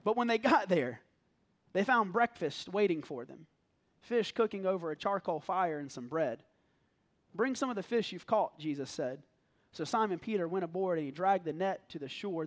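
A man, preaching a conversational, joking sermon to his congregation. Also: high-pitched. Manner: animated, conversational, jokes with congregation. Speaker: pastor. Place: church sanctuary.

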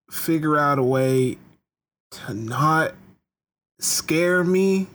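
Give a player describing a character's moves in a tabletop game. The speaker talks slowly and haltingly with lots of "like." The tone is bright and a little tense. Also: mid-range voice. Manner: hesitant, awkward, halting.

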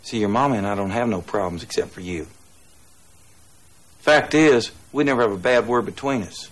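An actor playing a bullying bully-dad. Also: male voice, lowish voice, moderate pace, natural voice. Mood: menacing. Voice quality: gruff, swaggering, profane. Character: crude, bullying Southern man laying down household rules. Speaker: film character.

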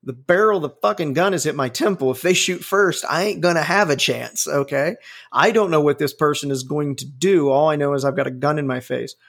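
A man's voice: a little high, fairly quick, gravelly, a bit bright. A man in his forties giving his opinions in casual talk, blunt and profane, rambling with frequent restarts. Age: 40s.

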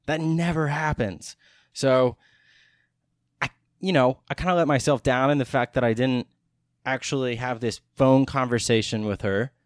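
A man's voice: mid-range voice, normal speed, long pauses, no echo, clean studio sound. A man in his thirties from Texas hosting a podcast, talking loosely and casually and swearing often. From Texas, USA. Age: 30s. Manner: loose and profane, lots of restarts. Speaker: podcast host. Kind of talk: casual monologue.

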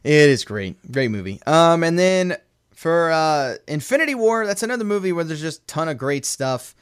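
A man co-hosting a podcast in casual chat, animated and quick to act out movie lines. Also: a little high, clean tone. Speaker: podcast co-host.

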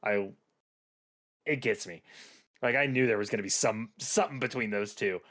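A man with a slightly low voice gushes in casual conversation. He is full of enthusiasm and fills his sentences with "uh" and "like". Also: moderate pace, a bit bright. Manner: enthusiastic, gushing, many fillers. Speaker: book reviewer. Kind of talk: casual chat.

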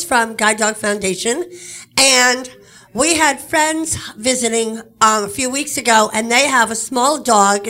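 A woman's voice: on the high side, sharp tone. A woman telling a chatty personal story to an audience.

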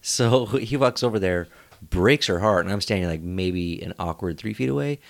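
A man's voice: low voice, lively intonation, normal speed, creaky. A young man hosting a casual podcast, telling a rambling story and laughing often. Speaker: podcast host.

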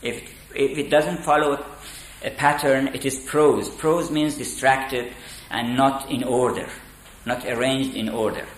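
A man giving a spoken lecture on poetry, deliberate and halting with many fillers. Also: medium pitch, level tone, a little hiss or hum. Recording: echoey room.

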